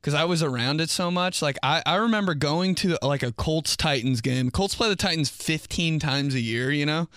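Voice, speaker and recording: A man's voice: on the high side, normal speed, few pauses, fairly bright tone, smooth, dry recording. A young man from Indiana, a podcast host riffing comedically on his own in a small studio and rambling with many fillers.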